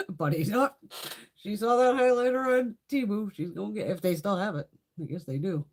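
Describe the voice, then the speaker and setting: A middle-aged woman chatting on a live stream, telling a story in a profane, animated way with a husky voice. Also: medium pitch, normal speed. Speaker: beauty vlogger. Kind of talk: casual live-stream chat.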